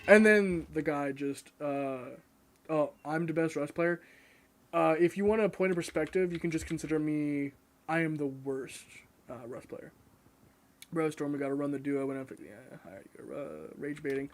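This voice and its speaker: Streaming a game, a young man speaks at a moderate pace in a voice on the higher side. His chat is casual and wandering, full of profanity and self-deprecating jokes.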